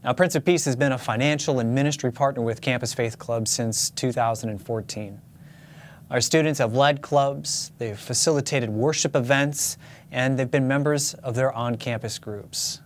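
A man pastor giving a sermon, speaking in a measured, earnest way and reading scripture aloud. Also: medium pitch, slight background noise.

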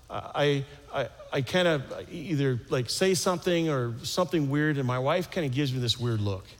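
A man preaching a sermon, telling a personal story with playful quoted voices, then turning slow and solemn. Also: fairly high pitch, a bit bright. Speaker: pastor. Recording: long hall reverb.

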